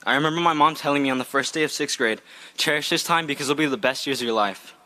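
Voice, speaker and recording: At an outdoor graduation, a young adult male student reads a sincere, heartfelt speech from his prepared text. He talks quickly, with a mid-range voice and a sharp edge to his tone.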